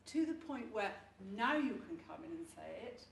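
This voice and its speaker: Middle-aged woman, chatty storyteller who laughs a lot, bright tone, distant mic, faint noise. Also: mid-range voice, big pitch swings, moderate pace, gravelly, roomy sound. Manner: chatty, laughing, restarts often. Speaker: testimonial speaker. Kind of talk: casual story-telling before an audience.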